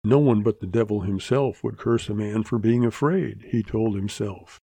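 A man narrating a western story in a measured, deliberate reading voice. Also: lowish voice, creaky, warm tone, slightly rough, no echo.

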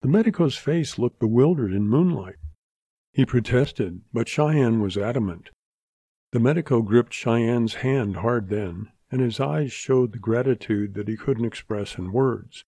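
A man reads a western story aloud at an unhurried pace, with a gravelly, dark-toned voice. His delivery is measured and deliberate, recorded close and dry with no room sound. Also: mid-range voice, no echo. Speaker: narrator. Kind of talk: dramatic reading of a western story.

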